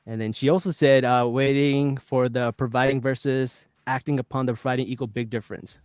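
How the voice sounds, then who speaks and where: A man's voice: medium pitch, steady tone, a little fast, darkish tone, clean tone, no echo, clean studio sound. A man hosting a podcast, chatting casually and laughing often as he recaps an episode. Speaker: podcast host.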